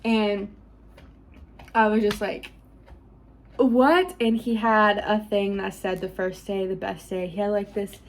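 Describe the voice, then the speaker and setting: A woman's voice: medium pitch, completely flat delivery, measured pace, a little hiss or hum. A young woman vlogging at home, gushing and chatty as she tells a story to camera.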